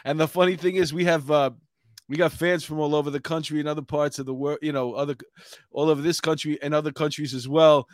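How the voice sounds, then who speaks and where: A man's voice: on the high side, steady tone, fast, no echo, clean studio sound. A middle-aged man with a New York accent, hosting a casual chat show and rambling with many fillers. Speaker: podcast host.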